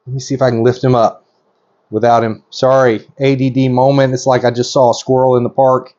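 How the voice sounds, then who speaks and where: A middle-aged man narrating a hands-on video as a reptile breeder, excited and gushing, rambling with lots of ums. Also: mid-range voice, brisk, highs cut off.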